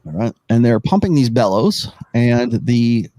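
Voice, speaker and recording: A man's voice: mid-range voice, very animated, a little slow, dark tone, dry recording. A man narrating as game master of a tabletop game, rambling and thinking aloud as he sets up the map.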